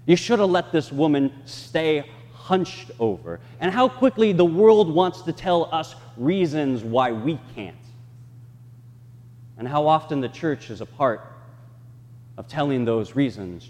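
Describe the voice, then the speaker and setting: A man's voice: mid-range voice, measured pace, long reverb tail. A male pastor preaching a sermon, acting out the voices he quotes. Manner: expressive, acts out quoted voices. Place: church sanctuary.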